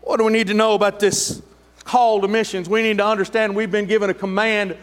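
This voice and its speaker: A man, a pastor preaching a fervent sermon who rises to shouts on key points and drops in joking asides. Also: high-pitched, level tone, fairly quick, long reverb tail. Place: church sanctuary.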